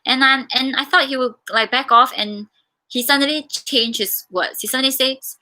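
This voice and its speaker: Bright, chatty young Singaporean woman. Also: high voice, moderate pace. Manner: chatty, animated storytelling with many fillers. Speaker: vlogger answering viewer questions. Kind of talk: casual live Q&A chat.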